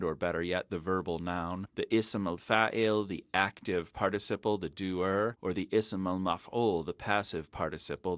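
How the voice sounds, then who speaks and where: Deep-voiced man teaching grammar. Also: a bit bright, dry recording, studio quality. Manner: methodical, explanatory. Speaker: Arabic teacher. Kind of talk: recorded grammar lecture.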